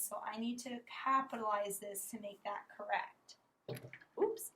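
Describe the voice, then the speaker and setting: Woman teacher, fairly high voice, slow and methodical walkthrough. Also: a bit bright, poor audio. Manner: slow, step-by-step explaining, apologizes for slips. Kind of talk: recorded classroom lesson.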